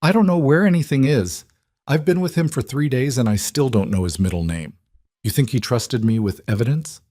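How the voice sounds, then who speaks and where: A man's voice: mid-range voice, normal speed, mellow, dry recording, clean studio sound, pitched above the performer's own voice, lightly acted. A man voicing a frightened young woman held captive, pleading and desperate.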